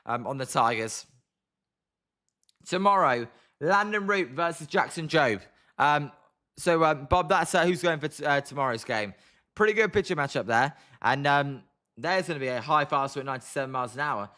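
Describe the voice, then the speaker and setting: British guy doing casual play-by-play on a stream, bright voice pitched a bit high, chats with viewers between pitches. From Britain. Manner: chatty, greets viewers by name between pitches. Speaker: live-stream baseball commentator. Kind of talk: casual live play-by-play and chat reading.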